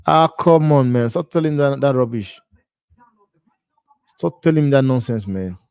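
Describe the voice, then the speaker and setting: A man's voice: mid-range voice, lively intonation, measured pace, darkish tone, clean tone, no echo, studio quality. A man hosting a live football watch-along, ranting in disbelief about transfer rumours and repeating himself. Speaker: host.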